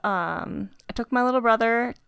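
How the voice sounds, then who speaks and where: Podcast regular: a woman with a smooth, resonant voice, rambling and giggly in casual chat. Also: on the high side, normal speed, a bit bright, no echo. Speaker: podcast player introducing herself.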